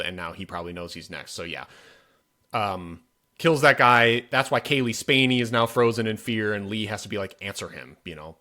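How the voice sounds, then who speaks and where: A man's voice: fairly low pitch, sharp tone. A man co-hosting a podcast, casually recapping a movie scene with blunt, profane emphasis. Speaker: podcast co-host. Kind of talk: casual film review chat.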